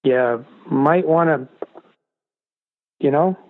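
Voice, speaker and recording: A man's voice: a little high, extremely slow. A man, a guest author, talking earnestly and emphatically in a casual interview. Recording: distant echoey phone line.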